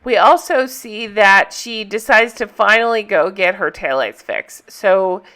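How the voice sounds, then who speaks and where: A woman with a bright, clear voice at a middle pitch, walking through a movie plot in a casual, chatty recap. She is enthusiastic and laughs easily as she retells the scenes. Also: a little slow.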